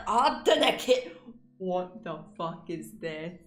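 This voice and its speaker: A young Scottish woman with a Scottish accent reads a story game aloud, reacting in an animated, swearing, laughing way. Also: mid-range voice, slow, roomy sound, soft background music. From Scotland. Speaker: gaming YouTuber.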